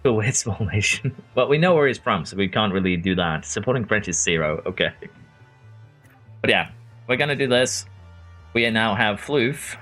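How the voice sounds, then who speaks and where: A Norwegian game streamer chats casually with viewers while commenting on a racing management game, greeting them by name and chuckling often. His voice sits on the low side, with lively intonation, a moderate pace and a slightly bright quality. Faint music plays in the background.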